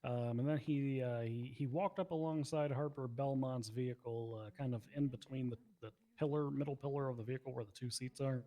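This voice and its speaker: A man's voice: medium pitch, fairly even intonation, a little fast, few pauses, dark tone. Man giving rambling testimony. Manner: rambling with frequent fillers. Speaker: police witness in a role-play trial. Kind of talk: testimony in game role-play.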